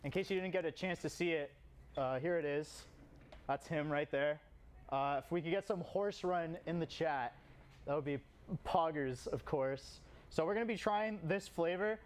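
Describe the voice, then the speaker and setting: Man, streamer, somewhat high-pitched, rambling, talks with his mouth full, casual sponsored testimonial. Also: normal speed. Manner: rambling, with many "you know" asides; talks while eating a snack.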